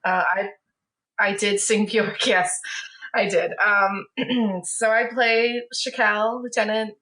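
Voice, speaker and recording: A woman's voice: medium pitch, fairly even intonation, takes it slowly, pushed and bright. A woman co-hosting a podcast, her voice strained from screaming the night before, speaking with wry laughing asides. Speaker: podcast co-host and player. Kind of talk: casual podcast banter.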